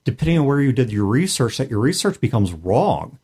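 A man's voice: mid-range voice, very animated, fairly quick, warm tone, slightly rough. A man co-hosting a casual podcast about tabletop role-playing, talking in a wry, joking way and acting out quoted players. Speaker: podcast co-host. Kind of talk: casual roundtable chat about tabletop gaming.

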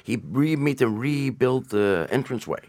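A Canadian stage actor telling theatre anecdotes in a studio interview. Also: male voice, medium pitch, lively intonation, moderate pace, darkish tone.

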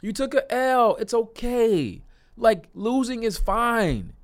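A man's voice: extremely high pitch, big pitch swings, slow. Earnest young man giving self-help advice. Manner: earnest, repetitive, rises to emphatic outbursts. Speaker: self-help video creator. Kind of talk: motivational talk to camera.

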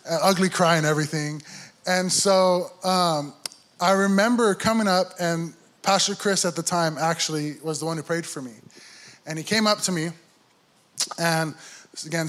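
A young man telling his conversion story in a casual, animated way. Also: a little high. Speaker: guest sharing testimony.

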